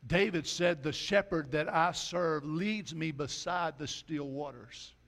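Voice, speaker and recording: A man preaching a sermon in a folksy way, dropping his voice low and soft for quoted lines. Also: slow, gravelly. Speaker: pastor.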